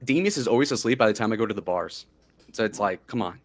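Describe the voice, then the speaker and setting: A man's voice: on the low side, expressive, fast. A young man streaming, chatting casually in a joking, boastful, teasing way.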